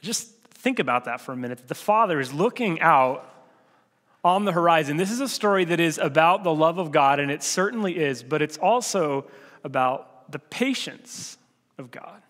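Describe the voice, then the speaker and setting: A man giving a sermon as pastor, talking in a relaxed, conversational way with frequent filler restarts. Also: fairly high pitch, moderate pace. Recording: long hall reverb.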